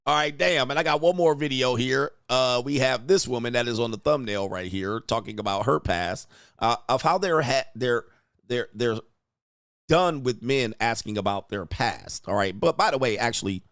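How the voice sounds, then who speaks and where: A man's voice: mid-range voice, animated, normal speed, a bit bright, dry recording, clean studio sound. A man hosting a crude, mocking reaction commentary, laughing and sneering at the clips he reads out. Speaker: host reacting to online clips.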